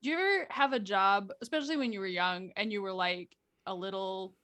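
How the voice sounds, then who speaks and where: A woman's voice: medium pitch, brisk, a bit bright. A woman guesting on a casual livestream chat, thoughtful and wry as she talks through ideas.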